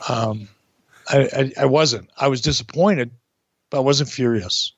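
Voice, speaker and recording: A man's voice: mid-range voice, slightly rough, dry recording. Middle-aged man, podcast host, dull lo-fi sound, dry room, restarts often, swears. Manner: animated, profane, halting with restarts. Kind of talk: casual podcast chat.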